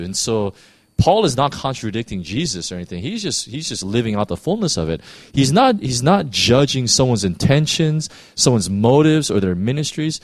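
A man from the United States, a pastor, preaching a sermon in a conversational, animated way with many restarts. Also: medium pitch, no echo.

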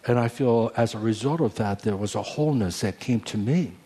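Earnest low-voiced pastor telling his story. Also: fairly quick, warm tone, breathy edge. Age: 40s. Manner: earnest storytelling with many restarts. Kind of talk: sermon testimony.

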